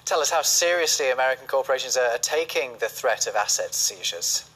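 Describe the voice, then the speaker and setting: A man anchoring a news programme, reading scripted business news in a measured, formal way. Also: mid-range voice, expressive, fairly bright tone, slightly rough, poor audio.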